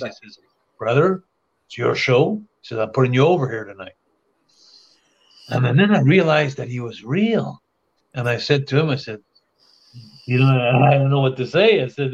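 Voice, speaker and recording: An older man from Canada spins long, winding stories in a casual way, stumbling over restarts and breaking into laughter as he goes. His voice sits in an ordinary middle pitch. The podcast audio sounds dull and lo-fi. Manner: rambling anecdotes with frequent restarts and laughter. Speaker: interview guest. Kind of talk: casual storytelling.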